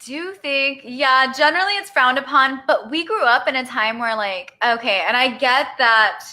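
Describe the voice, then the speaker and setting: A woman's voice: sits high, moderate pace, sharp tone. A woman co-hosting a casual podcast, chatting in a reflective way with many fillers. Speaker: podcast co-host. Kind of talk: casual chat.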